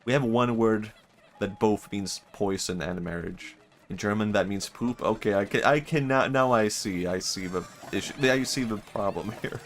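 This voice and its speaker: A man with a somewhat low voice chats casually while streaming a game. He is chatty and self-amused, breaking into laughter often. A faint background hum sits under the voice. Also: normal speed. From Sweden. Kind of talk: casual gaming stream chat.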